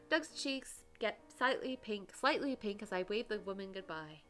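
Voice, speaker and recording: A woman reads a romance game aloud in the heroine's voice, stopping now and then to gush and chat about it. Her tone is bright and forward, with faint music playing under her voice. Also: mid-range voice, animated, normal speed, few pauses. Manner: gushing, giggly asides between narration. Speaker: let's play streamer reading a dating game aloud. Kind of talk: reading game dialogue aloud with her own comments.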